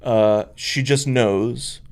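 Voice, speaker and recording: A man's voice: medium pitch, very slow, clear, resonant tone. A man, a minister co-hosting a podcast, telling stories emphatically in casual chat. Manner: storytelling, emphatic, acts out quoted voices.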